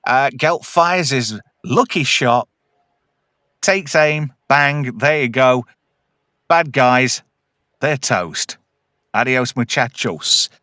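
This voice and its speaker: A man's voice: mid-range voice, extremely slow, pauses often, clear, resonant tone, no room sound, studio quality. Chatty man retelling film scenes. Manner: animated storyteller, hums theme tunes. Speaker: podcast host. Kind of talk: casual film review chat.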